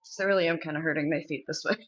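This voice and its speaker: A woman's voice: low voice, steady tone, very fast, a bit bright, no echo. A young woman chatting candidly and directly to viewers on a casual live stream from a room at home. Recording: dull lo-fi stream audio.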